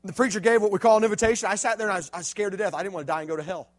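High-voiced preacher, swings hushed to shouting. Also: male voice, steady tone, very fast. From Illinois, USA. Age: middle-aged. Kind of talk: sermon testimony.

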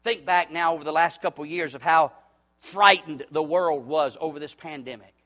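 A man preaching an evangelistic sermon, swinging from loud urgent shouts to low, hushed pleading. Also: moderate pace.

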